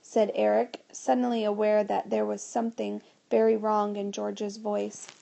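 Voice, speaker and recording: A woman narrating a children's novel in a steady storytelling manner. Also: mid-range voice, unhurried, gravelly. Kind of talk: audiobook reading of a children's novel.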